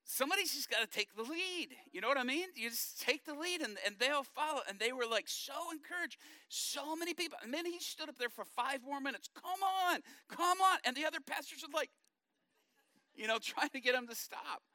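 A middle-aged male pastor preaching a sermon, telling stories in an animated way and acting out the quotes. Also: very high-pitched, a little fast, hardly any pauses, no echo, studio quality.

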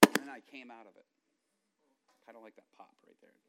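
A man's voice: mid-range voice, normal speed, a bit bright, slight background noise. A middle-aged man preaching, telling a personal testimony in an earnest, conversational way that circles back on itself. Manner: earnest, conversational, with self-repeats. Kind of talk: sermon testimony storytelling.

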